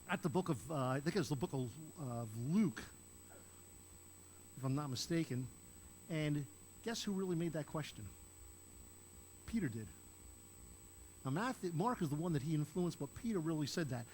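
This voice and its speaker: Animated preaching man, higher voice. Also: slight background noise, low-quality recording. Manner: animated, acts out Bible characters in raised voices. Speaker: pastor. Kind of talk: sermon.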